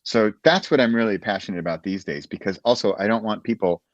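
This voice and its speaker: A man's voice: fairly low pitch, fast, no room sound, lo-fi sound. A man who is a guest on a podcast, talking casually and animatedly about writing, often laughing and acting out little conversations.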